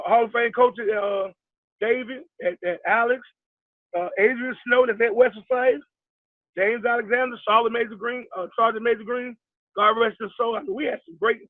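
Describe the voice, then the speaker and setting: Middle-aged male coach from New York, high voice, rambling storyteller, tinny dry phone line. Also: dry recording. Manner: rambling storyteller, acts out quoted talk, many fillers. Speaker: basketball head coach, guest. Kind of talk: casual storytelling interview.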